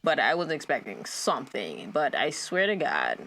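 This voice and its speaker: An American woman co-hosting a casual movie podcast, animated and acting out quoted lines. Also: normal speed. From United States. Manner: animated, acts out quotes with big pitch jumps. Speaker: podcast co-host.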